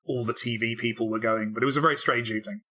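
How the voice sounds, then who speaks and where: A man's voice: medium pitch, fairly even intonation, very fast, pushed and bright. A man co-hosting a casual podcast, rambling and self-deprecating, with lots of fillers and restarts. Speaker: podcast co-host, game developer. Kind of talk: casual chat.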